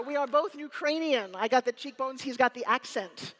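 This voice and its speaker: A woman in her fifties giving a live motivational keynote on stage, energetic and teasing, rallying the crowd with call-and-response. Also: sits high, normal speed, a little hiss or hum. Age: 50s. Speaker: motivational speaker. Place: stage before a live audience in a hall. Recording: room reverb.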